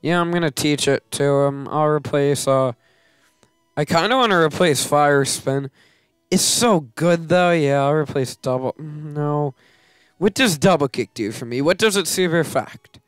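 A man's voice: on the high side, measured pace, clear, resonant tone, dry recording, studio quality, soft background music. A man hosting a game let's play, giving casual commentary that turns into melodramatic grumbling and self-mocking rants.

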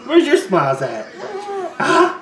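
A man's voice: huge pitch swings, slow, echoey room, crowd noise. Young dad chatting to his babies. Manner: switches to high sing-song baby talk. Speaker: vlogger and father. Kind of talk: casual home vlog talking to babies. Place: home, indoors.

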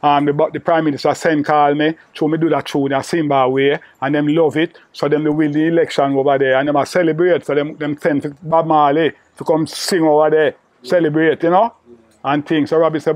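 A man's voice: on the high side, little pitch movement, fairly quick, darkish tone, no room sound. Older Jamaican man, patois storyteller. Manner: repetitive, peppered with "you know". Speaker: interviewee recalling old friend. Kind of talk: rambling oral storytelling.

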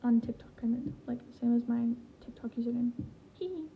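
A woman's voice: fairly high pitch, monotone, brisk. A young woman chatting casually on a gaming livestream, reading and answering chat while she plays. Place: home in a rural area. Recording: lo-fi stream audio, faint background hiss.

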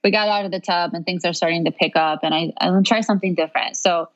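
A woman guest telling her story in a casual, lively way, acting out what she said back then. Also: on the low side, quick pace, highs cut off. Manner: lively, acts out her own past lines. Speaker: podcast guest.

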